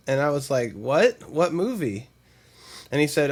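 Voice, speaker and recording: A man's voice: a little high, steady tone, moderate pace. A man co-hosting a podcast, chatting casually and laughing his way through stories. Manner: laughs while telling stories. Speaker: podcast co-host. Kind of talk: casual chat.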